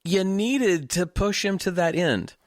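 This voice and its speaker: A man's voice: sits high, lively intonation, unhurried, no room sound. Dry-sounding joking male podcast co-host. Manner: joking, frank and conversational, steers the talk. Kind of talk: casual chat.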